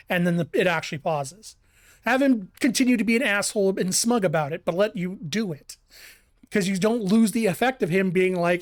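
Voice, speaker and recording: A game streamer rambles through live commentary, often restarting sentences and breaking into laughter. The voice sits at a middling pitch. The recording is dry and close, with no room sound. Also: brisk, no echo.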